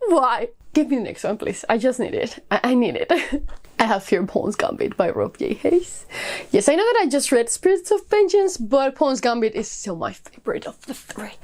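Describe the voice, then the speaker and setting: A woman's voice: high voice, a little mellow. A woman giving a casual book review vlog, gushing with enthusiasm and filling her talk with "like" and "uh". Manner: gushing, enthusiastic, many fillers like "like".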